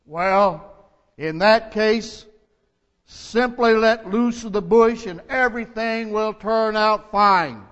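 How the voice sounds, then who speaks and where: A man voicing a calm, powerful male voice of God from the sky, speaking slowly and evenly. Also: high-pitched, in a large hall, dull audio. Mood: calm solemn. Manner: calm, slow, measured.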